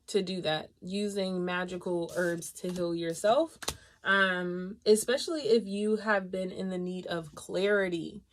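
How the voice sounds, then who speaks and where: Chatty woman reading tarot. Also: fairly low pitch. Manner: chatty and expressive, laughing often, talks straight to viewers. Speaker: tarot reader.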